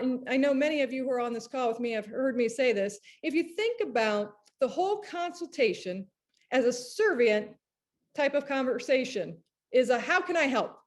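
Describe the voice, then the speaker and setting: A woman presenting in a webinar, chatty and animated, telling stories to make her points. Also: sits high. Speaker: performance director giving a talk.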